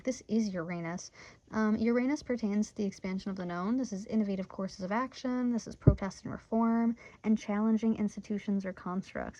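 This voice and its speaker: Young woman tarot reader, giggly and excitable, casual direct-to-viewer chat, slightly muffled home recording. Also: medium pitch, gravelly. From Michigan, USA. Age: 20s. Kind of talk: casual tarot reading monologue.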